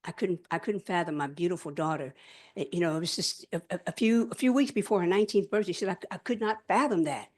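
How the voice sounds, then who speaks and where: A middle-aged woman delivers an impassioned public speech, telling stories in an earnest, measured way. She repeats key phrases for weight and answers her own rhetorical questions with firm conviction. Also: lowish voice, a little mellow. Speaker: former state senator giving a speech.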